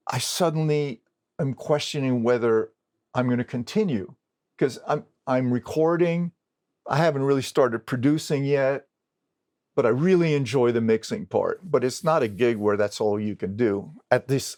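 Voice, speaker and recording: An older man, a recording engineer, recounts his career in a lively storytelling manner. He acts out the lines of the people in his story. His voice sits at an ordinary middle pitch. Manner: animated storyteller acting out dialogue. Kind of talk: storytelling interview talk.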